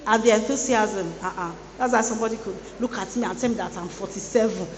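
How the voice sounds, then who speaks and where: A woman giving a lively motivational sermon to students, playfully teasing the audience. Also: mid-range voice, fast talker, slight background noise. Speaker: guest speaker at a student boot camp. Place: large hall. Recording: echoey large hall.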